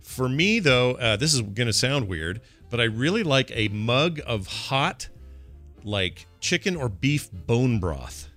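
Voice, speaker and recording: A man's voice: medium pitch, very animated, slow pace, fairly bright tone, faint music behind. A man co-hosting a podcast in casual chat, reading out listener questions. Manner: chatty, reads listener questions. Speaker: podcast co-host.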